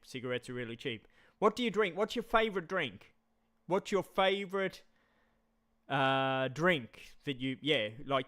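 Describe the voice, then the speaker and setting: A man's voice: a little high, a bit bright. A man rambling casually on a live stream, repeating himself and talking straight to his chat.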